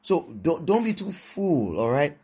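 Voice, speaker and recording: A man's voice: on the high side, sing-song, unhurried, dark tone, husky. Man preaching with repeated "all right?". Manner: repeats phrases, asks "all right?" often; reads scripture aloud and comments between verses. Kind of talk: sermon.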